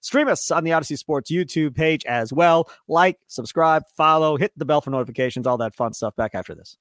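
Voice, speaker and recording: A man co-hosting a sports radio show, ranting excitedly and slipping into mock voices of players. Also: a little high, brisk, dry recording, clean studio sound. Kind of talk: animated sports radio rant.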